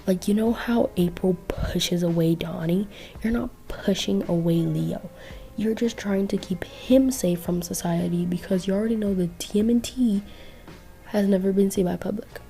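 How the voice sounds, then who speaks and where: Gravelly-voiced woman rambling through a story. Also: mid-range voice, moderate pace, warm tone, soft background music. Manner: rambling, chatty, self-correcting. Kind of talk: casual fan-fiction narration.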